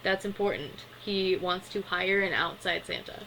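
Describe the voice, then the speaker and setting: A woman's voice: lowish voice, moderate pace, a bit bright, a little hiss or hum, rough recording. A woman casually recapping a cartoon episode in a chatty way, with lots of filler words. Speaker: cartoon reviewer.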